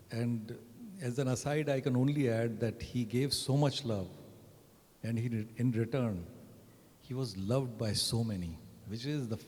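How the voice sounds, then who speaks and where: A man's voice: mid-range voice, darkish tone. A man, telling anecdotes as a panel guest in a chatty way, often tagging sentences with "right?". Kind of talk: anecdotal storytelling. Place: event hall. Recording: long reverb of a large hall.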